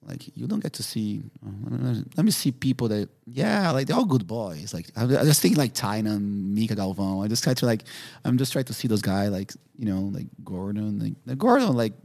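Animated man, lowish voice. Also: fairly quick, vocal fry. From Brazil. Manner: animated, laughing, full of fillers like "you know what I mean". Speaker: podcast guest. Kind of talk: casual storytelling.

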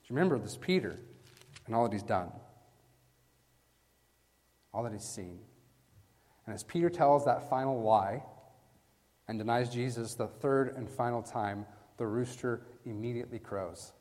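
A man's voice: medium pitch, normal speed, long pauses. Emphatic male preacher in a reverberant hall. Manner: emphatic, asks the listeners "right?"; swings from hushed lines to loud stressed bursts. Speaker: preacher teaching a Bible passage. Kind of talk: sermon. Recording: long reverb from a large hall.

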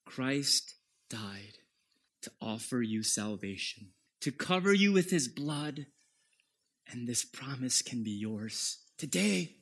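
A man preaching a sermon as pastor, emphatic and at times dropping to a hushed whisper. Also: medium pitch, animated, slow pace, creaky, breathy edge.

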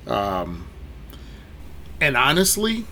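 A man talking casually in a podcast movie discussion, halting with many fillers. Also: medium pitch, wildly swooping pitch, pushed and bright, a little hiss or hum. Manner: slow, hesitant, many fillers. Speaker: podcast co-host.

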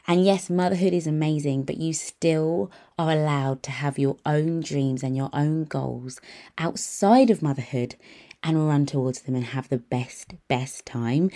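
Low-voiced upbeat woman. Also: dark tone. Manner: upbeat, encouraging, emphatic. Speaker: podcast host and nail tech mentor. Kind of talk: motivational podcast monologue.

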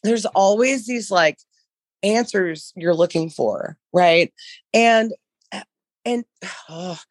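A woman co-hosting a podcast in casual chat, hoarse from losing her voice, rambling and swearing freely. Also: medium pitch, slow, dry recording. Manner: rambling, profane, animated. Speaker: podcast co-host, dog trainer business coach.

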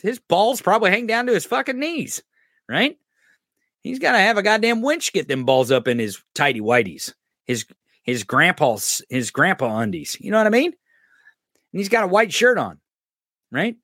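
A man's voice: high-pitched, very animated, normal speed, sharp tone, no room sound, studio quality. A man hosting a podcast, giving crude, mocking political commentary and swearing constantly. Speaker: podcast host. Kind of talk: profane political commentary over clips.

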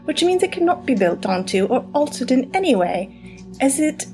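A woman's voice: sits high, very animated, moderate pace, mellow, faint music behind, pitched above the performer's own voice. A woman reading a story aloud while putting on a light English accent. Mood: storytelling. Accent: put-on English. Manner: self-conscious, light accent.

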